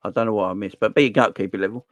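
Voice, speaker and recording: A man hosting a casual football live stream, animated and slangy, answering the chat as he goes. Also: on the low side, very fast, dry recording. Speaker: football channel host.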